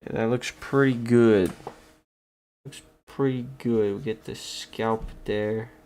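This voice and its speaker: A man's voice: fairly low pitch, fairly even intonation, slow pace, a little mellow. A man chatting playfully to himself while he draws, giggling often. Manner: giggly, playful self-talk. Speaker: online artist. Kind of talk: casual talk while drawing.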